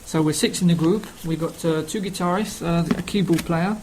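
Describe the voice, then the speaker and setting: A man's voice: on the high side, normal speed, background noise. A man with a Cockney London accent introducing himself casually, rambling with many ums and uhs. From England. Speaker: language learning speaker.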